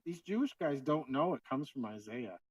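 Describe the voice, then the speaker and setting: A man's voice: medium pitch, expressive, moderate pace, breathy edge, no echo, recorded from a distance, low-quality recording. A man co-hosting a casual faith podcast, talking in an earnest, reflective way with many fillers. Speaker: podcast co-host.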